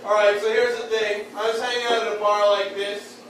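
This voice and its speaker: High-voiced man doing stand-up, echoey hall. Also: flat delivery, a little fast, fairly bright tone. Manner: crude one-liners, heckles the crowd. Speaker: stand-up comedian. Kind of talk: stand-up comedy set. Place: stage in a beer hall. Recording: echoey room from far off, bar noise.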